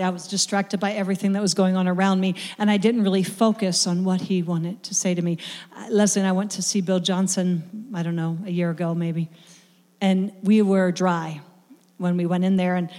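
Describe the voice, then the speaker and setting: Female preacher, higher voice, emphatic with frequent restarts, live sermon in a reverberant hall. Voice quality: emphatic, repeats words when excited.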